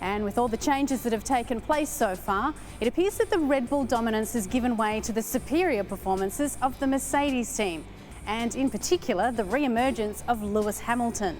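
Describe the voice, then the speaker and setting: A woman presents a motorsport show, reading her scripted links and putting questions to a guest with a poised, even delivery. Her voice sits fairly high, with faint music running underneath. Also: moderate pace. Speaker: show host.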